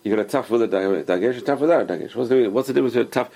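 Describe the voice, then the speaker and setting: A man's voice: mid-range voice, rapid-fire, vocal fry, warm tone, slightly rough. A man, a rabbi, teaching a class and explaining patiently with many examples and questions.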